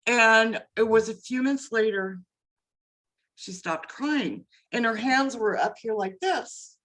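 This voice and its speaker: Older lady telling her story real slow and earnest, interview chat. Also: a little high, fairly bright tone, low-quality recording. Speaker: guest, mother. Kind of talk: emotional personal testimony.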